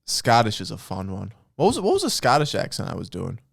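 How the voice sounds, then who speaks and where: A man's voice: fairly low pitch, huge pitch swings, a little fast, creaky, no room sound, clean studio sound. A man co-hosting a comedy podcast, laughing often as he riffs on crude jokes. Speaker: podcast co-host.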